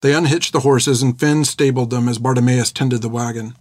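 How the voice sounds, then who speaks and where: A man reading a story aloud in a steady, measured narrating voice. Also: medium pitch, dry recording, clean studio sound. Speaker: audiobook narrator. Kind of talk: scripted narration.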